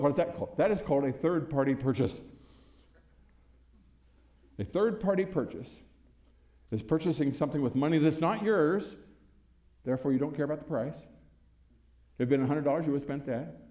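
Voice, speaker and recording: A man's voice: on the high side, warm tone. Folksy older man speaking in echoey hall. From United States. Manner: storytelling, chuckling, punchy rhetorical questions. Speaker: former congressman giving a speech. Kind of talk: folksy public speech to an audience.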